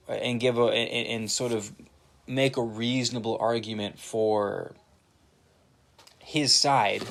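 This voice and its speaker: A young man hosting his own channel, speaking an informal monologue to camera. He is animated, swears freely and often restarts his sentences. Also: mid-range voice, gravelly. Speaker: channel host. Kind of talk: casual spoken monologue to camera.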